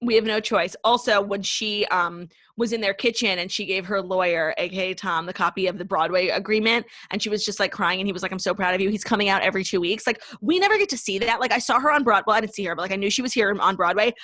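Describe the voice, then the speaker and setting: Fast-talking young woman gossiping. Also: medium pitch, fairly bright tone, dry recording. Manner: fast gossipy talk, heavy "like" filler, swearing. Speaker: podcast co-host. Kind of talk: casual chat.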